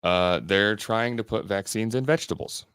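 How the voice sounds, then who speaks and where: Deep-voiced man ranting on a podcast. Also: moderate pace, fairly bright tone, clean tone, no echo, clean studio sound. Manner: blunt, swears often, ranting. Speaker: podcast co-host. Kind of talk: casual chat.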